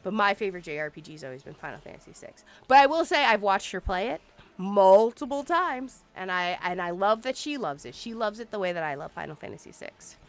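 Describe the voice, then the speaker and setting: A woman's voice: mid-range voice, sing-song, fairly quick. A woman in her forties, a game streamer, chatting casually and swearing now and then while she plays. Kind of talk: casual live-stream chat. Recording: faint music behind.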